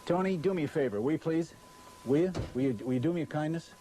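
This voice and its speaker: A man with a fairly high voice speaks fast over a noisy background. Presenting an industrial film on a hot studio set beside a car under bright lights, he keeps forgetting his lines, swearing constantly in exasperation through the blown takes.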